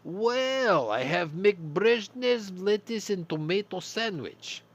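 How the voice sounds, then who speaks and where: Guy doing a pushy soviet burger cashier, bad fake russian accent, high and loud, drawn out. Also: lively intonation, slow pace, highs cut off, heavily acted. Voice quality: broken English, high and loud. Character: pushy male Soviet fast-food cashier.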